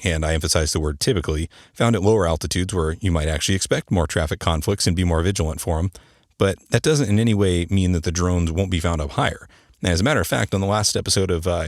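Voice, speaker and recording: A man in his thirties or older hosts his own podcast in a chatty, joking way. His voice sits low and he talks quickly. The sound is dry and close, with no room around it. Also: no room sound. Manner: chatty, joking, explains terms to listeners. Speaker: podcast host, air traffic controller. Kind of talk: casual podcast monologue.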